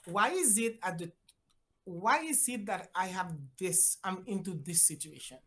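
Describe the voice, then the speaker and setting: An older woman from Haiti, a physician guest telling a personal story with lively voiced-out quotes and big swings in pitch. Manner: animated, acts out voices with big pitch jumps.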